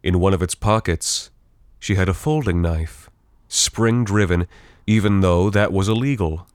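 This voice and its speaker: A man reads scripted fiction aloud in a steady, even storytelling voice. His pitch sits very low, and the recording is dry and close with no room sound. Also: unhurried, clear, resonant tone, dry recording. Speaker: narrator.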